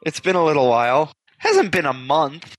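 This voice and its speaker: A podcast host with a fairly high, sing-song voice chats casually at a moderate pace, wandering through his points and stopping to correct himself. The recording is dry and close, with no echo or room sound.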